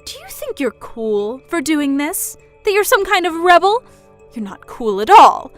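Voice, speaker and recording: A woman acts out a domineering middle-aged mother in a drama. She talks down to her daughter in a mocking, pushy way. Her pitch rides high and swings widely, and soft music plays underneath. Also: sing-song, moderate pace. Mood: scornful.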